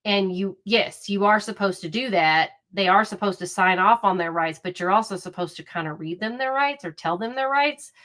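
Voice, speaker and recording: A woman's voice: medium pitch, moderate pace, hardly any pauses, a bit bright. A woman giving casual true crime commentary, talking in an indignant, chatty way with many fillers and restarts.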